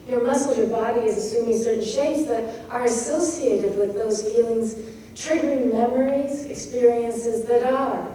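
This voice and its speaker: Woman poet, fairly high mellow voice, lecturing from far off in a roomy hall, faint hiss. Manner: thoughtful, demonstrative, reads verse slowly and expressively. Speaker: poet giving a craft talk. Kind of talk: lecture on poetic rhythm. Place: lecture hall at a poetry festival.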